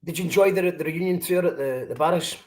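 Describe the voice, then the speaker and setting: A man's voice: fairly high pitch, a little mellow, a little hiss or hum. A man with a Scottish accent hosting a podcast, chatting casually and stumbling over his words as he repeats them. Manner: halting, repeats words as he talks. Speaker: podcast host. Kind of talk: casual chat.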